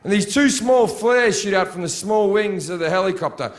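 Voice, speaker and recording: High-voiced crude stand-up comic. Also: male voice, normal speed. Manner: crude, sardonic, acts out his story. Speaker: stand-up comedian. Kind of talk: stand-up storytelling.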